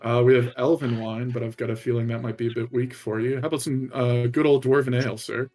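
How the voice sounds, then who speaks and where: A man's voice: medium pitch, level tone, quick pace, a little mellow, faint music behind, natural voice. A man voicing a nervous, polite male tavern barkeep who hesitates and apologizes a lot. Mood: apologetic.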